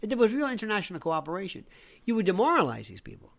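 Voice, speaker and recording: A man's voice: high-pitched, huge pitch swings, rapid-fire, gravelly, a bit bright. A man delivering a sarcastic, theatrical political commentary rant, rattling off long lists of names.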